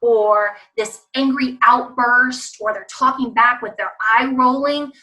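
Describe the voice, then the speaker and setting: A woman's voice: a little high, fairly even intonation, unhurried, pushed and bright, far from the mic, low-quality recording. A woman from the American South gives an online parenting talk, speaking emphatically and often asking the audience rhetorical questions.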